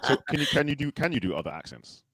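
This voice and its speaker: A man's voice: fairly high pitch, sing-song, vocal fry, a bit bright, breathy edge, no room sound. A man chatting casually on a livestream, joking and reading out comments. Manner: quick, joking, reads chat aloud.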